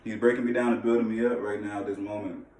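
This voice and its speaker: A man's voice: lowish voice, flat delivery, quick pace, darkish tone, slight background noise. A young man telling a personal faith testimony in casual, slangy talk, emphatic and full of repeated phrases and restarts. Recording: echoey room, mic at a distance.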